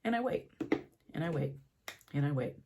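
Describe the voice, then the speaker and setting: A woman's voice: sits low, moderate pace, background noise. A young woman beauty vlogger doing her makeup while telling a story, acting out the voices of the people in it. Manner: animated storyteller, acts out quoted voices.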